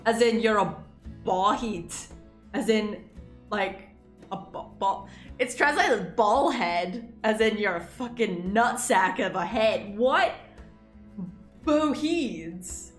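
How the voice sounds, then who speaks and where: Young Scottish woman, Scottish accent, reading a game aloud, animated and sweary, echoey room. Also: medium pitch, slow, faint music behind. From Scotland. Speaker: gaming YouTuber.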